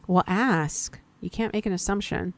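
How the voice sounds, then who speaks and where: A woman with a medium-pitched voice at a moderate pace casually narrates her play of a story game for her gaming video. She reads the on-screen text, talks to herself and her audience, and reacts in surprise.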